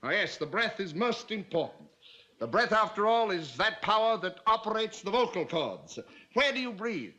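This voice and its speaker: A man's voice: high voice, sing-song, normal speed, highs cut off, full character voice. An actor playing a fussy, pompous male singing teacher in a 1960s sitcom, drilling his pupil with theatrical vocal exercises. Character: fussy, pompous middle-aged male voice coach. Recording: loud studio audience laughter, noisy old TV soundtrack.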